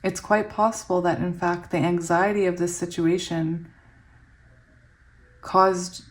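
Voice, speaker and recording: A young woman giving a casual tarot reading, giggly and excitable, often laughing as she reads the cards aloud. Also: lowish voice, unhurried. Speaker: tarot reader.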